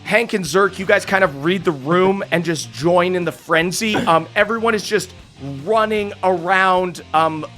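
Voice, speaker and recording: A man narrating a tabletop game as game master, casual and energetic, with many fillers. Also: high-pitched, a little slow, few pauses, soft background music.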